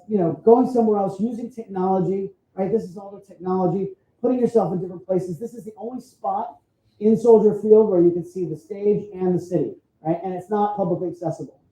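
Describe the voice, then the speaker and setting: A man's voice: sits high, warm tone. Chatty man telling stories on stage. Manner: chatty, frequent "right?" tag questions. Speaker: photographer giving an expo talk. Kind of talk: storytelling presentation. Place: expo hall stage. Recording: roomy, dull sound.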